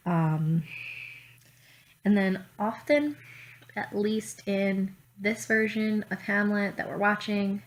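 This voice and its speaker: A woman vlogging in casual chat, talking in a chatty, profane way with quick asides. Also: mid-range voice, animated. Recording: roomy echo, faint ambience.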